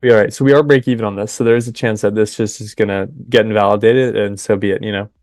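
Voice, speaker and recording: Excitable man calling live trades. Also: fairly low pitch, quick pace, no room sound, studio quality, soft background music. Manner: excitable, chatty, cheers at the market. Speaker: live trading stream host. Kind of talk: live trading commentary with chat.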